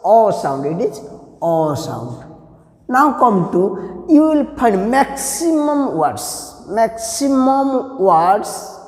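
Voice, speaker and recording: A man's voice: high voice, big pitch swings, very slow, darkish tone. A man with an Indian English accent teaching English pronunciation, repeating each word several times and asking his students questions. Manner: drills words by repeating them several times; addresses students directly with questions. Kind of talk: classroom-style lesson. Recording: echoey room with long reverb.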